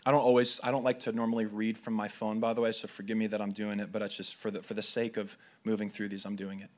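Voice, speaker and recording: A man's voice: lowish voice, little pitch movement, fast talker. A man preaching a sermon to a gathering, reading scripture aloud and sometimes stumbling over his words before trying again. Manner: reads scripture aloud, with slips and restarts.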